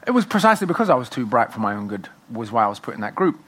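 Man in his thirties, fast animated guest, punchy delivery, mid-pitched. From Britain. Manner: fast, animated, emphatic storytelling. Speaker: author and guest. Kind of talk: festival talk interview.

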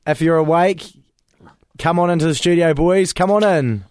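Teasing New co-host. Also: male voice, on the high side, normal speed, a little mellow, clear, resonant tone, no room sound, clean studio sound. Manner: playful, teasing. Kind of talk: casual studio chat. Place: small studio.

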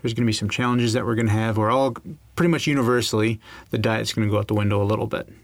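Fast-talking upbeat New host. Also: male voice, lowish voice, steady tone, gravelly, no echo. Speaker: radio show host. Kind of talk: casual radio chat.

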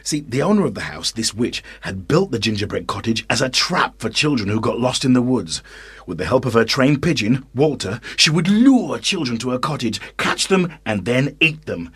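A man's voice: medium pitch, sing-song, normal speed, fairly bright tone, slightly rough, dry recording. Playful man reading a children's story. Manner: playful, wry asides to listeners.

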